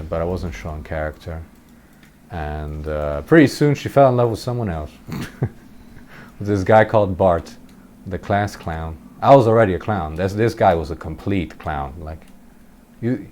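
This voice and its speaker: A man's voice: sits low, a little mellow, slight background noise. A man telling a rambling childhood story while commentating gameplay, chuckling at himself now and then. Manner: rambling, chuckling, self-deprecating. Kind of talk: casual storytelling over gameplay.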